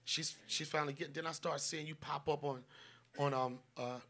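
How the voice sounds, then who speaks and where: A man's voice: on the high side, steady tone, a little fast, a bit bright. A man hosting a live comedy podcast, talking casually and profanely, acting out quotes and interrupting himself. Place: live audience show.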